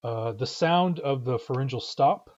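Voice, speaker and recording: A man explaining pronunciation in a recorded lesson, patient and methodical, often pausing with "uh". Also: mid-range voice, a little mellow, highs cut off. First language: English. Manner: patient, explanatory, frequent uh fillers. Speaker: language teacher.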